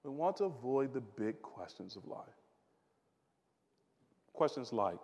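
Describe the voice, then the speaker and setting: A man delivers a sermon in a chatty, conversational way, doubling up his words and putting questions to the audience. His voice sits at an ordinary pitch for a man. The long reverb of a large hall rings behind him. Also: very animated, unhurried, pauses often, a little mellow. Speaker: pastor.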